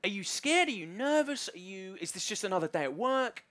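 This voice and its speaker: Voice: mid-range voice, very animated, a little fast, fairly bright tone. An interviewer asking questions and teasing the guest with jokes. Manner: joking, teasing banter. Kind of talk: casual interview chat.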